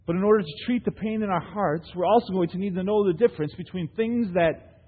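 A male pastor delivers a sermon in a husky, fairly high voice. He poses question after question to the congregation and tags his stories with "right?". The sound is thin and phone-like, with a long reverb tail from the hall. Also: fairly quick. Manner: asks the congregation rhetorical questions; animated storyteller with frequent "right?" tags. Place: church hall.

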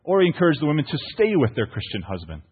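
A man's voice: a little high, very animated, fast talker, breathy edge, in a large hall, phone-quality sound. A pastor, preaching a sermon to his congregation in a playful storytelling manner, often asking "right?". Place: church.

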